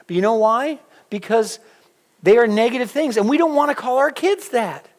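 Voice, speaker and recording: A middle-aged man preaching a sermon in a church, conversational and animated, putting questions to the congregation. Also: extremely high pitch, moderate pace. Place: church sanctuary.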